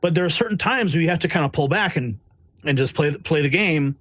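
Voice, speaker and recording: Blunt, animated man with a fairly high voice. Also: fast talker, dry recording. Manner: blunt, animated, acts out quotes. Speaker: White House press correspondent. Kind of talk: casual interview storytelling.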